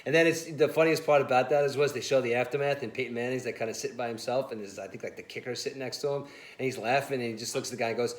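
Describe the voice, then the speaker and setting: Fast-talking man in a roomy sports chat. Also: medium pitch. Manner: animated, laughing storyteller, says "listen" and "you know" a lot. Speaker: sports show co-host.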